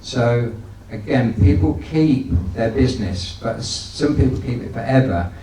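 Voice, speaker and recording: A man's voice: medium pitch, animated, unhurried, dark tone, slight background noise. Distant man in an echoey hall. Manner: anecdotal, folksy, with frequent restarts. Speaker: guest speaker. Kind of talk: business talk to an audience. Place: event hall.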